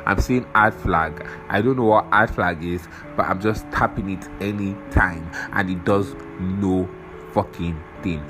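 Slow rambling young man with a cold. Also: low voice, over music, rough recording. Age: young adult. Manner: scattered, swears a lot, loses his train of thought. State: has a cold. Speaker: podcast host. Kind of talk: casual rambling monologue.

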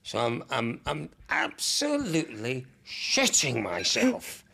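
A man's voice: mid-range voice, wildly swooping pitch, slow pace, vocal fry, pushed and bright. A man telling a wild story as a podcast guest, laughing often and swearing freely.

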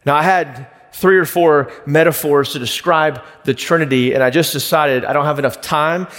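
A man preaching a sermon, explaining scripture earnestly and slowing down to stress key words. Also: on the high side, fairly bright tone. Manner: earnest, explanatory preaching with emphatic slowed phrases. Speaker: pastor. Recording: reverberant hall.

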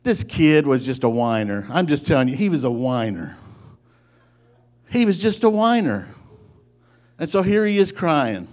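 A man preaching a sermon, telling a folksy story in an animated way and often breaking off to restart his sentences. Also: fairly high pitch, a little slow, long pauses. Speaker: pastor.

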